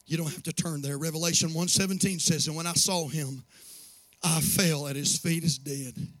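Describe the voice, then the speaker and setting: A pastor delivers an impassioned sermon in a high, bright voice. He swings from hushed, confiding asides to ringing shouts. The sound is dry and close, with no room around it. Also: steady tone, moderate pace, dry recording. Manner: impassioned preaching that rises to shouts.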